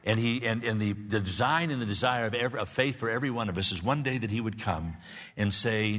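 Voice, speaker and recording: A man's voice: on the low side, fast, a bit bright. A man in his sixties preaching a sermon in an earnest, repetitive way, building to emphatic peaks. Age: 60s. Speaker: pastor. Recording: long reverb of a large hall.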